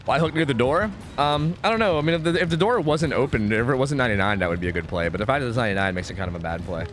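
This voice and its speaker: Lively young male gaming streamer. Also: mid-range voice, a little hiss or hum. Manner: chatty, swearing, laughing, quick asides to chat. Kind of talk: casual gaming commentary.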